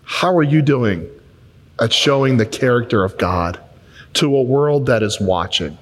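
A man preaching a sermon as a pastor, telling stories and acting out both sides of conversations in quick changes of voice. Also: medium pitch, expressive. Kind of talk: sermon with acted-out dialogue. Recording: long reverb of a large hall.

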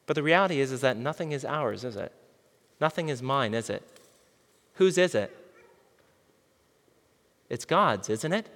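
A man's voice: mid-range voice, animated, measured pace, pauses often, fairly bright tone, big-room sound. A man preaching a sermon as a pastor, talking conversationally and asking his listeners questions. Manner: conversational, asks the audience questions.

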